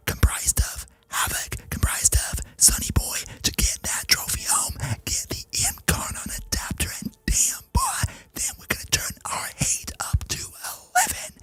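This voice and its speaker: A man putting on a breathy ASMR whisper for a whispered role-play, hushing an excited esports commentary as a game streamer. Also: extremely high pitch, voice pushed up. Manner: hushed, playful hype.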